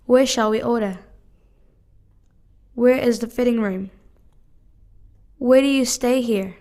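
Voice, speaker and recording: Higher-voiced woman reading drill questions. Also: a little mellow. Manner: measured, careful reading of one question at a time. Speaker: English teacher. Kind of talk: reading drill sentences aloud.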